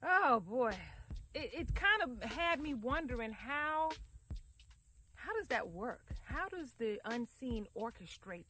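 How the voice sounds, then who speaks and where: A woman's voice: high voice, very animated, slow pace, pushed and bright, a little hiss or hum, rough recording. A woman, likely in her thirties, vlogging from home in a loose, rambling, heartfelt way, calling her viewers fam. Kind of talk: casual reflective talk to camera.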